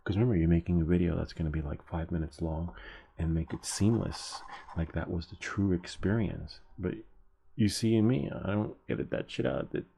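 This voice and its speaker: A man's voice: low voice, steady tone, moderate pace, creaky, mellow, breathy edge. A man hosting a DIY tech channel, talking in a loose, rambling way, swearing casually and laughing at himself.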